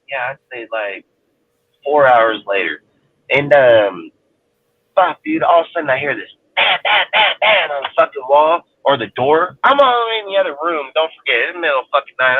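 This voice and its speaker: A man's voice: medium pitch, dry recording. A man from Northern California telling a personal story as a roundtable panelist, blunt and heavy on swearing, with "dude" in nearly every line. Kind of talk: casual storytelling. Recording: tinny phone-line audio.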